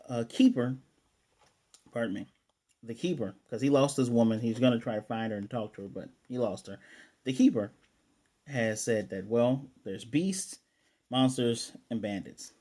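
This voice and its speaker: A man's voice: mid-range voice, a little mellow. A man casually recapping and reviewing an anime episode, rambling and acting out the characters' lines as he goes.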